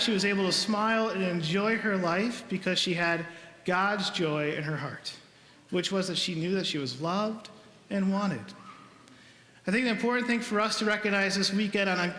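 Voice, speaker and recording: A man delivers a homily in an earnest, conversational way, telling stories to his congregation. His voice sits high and bright. The sound carries the long, roomy reverb of a large church. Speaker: priest.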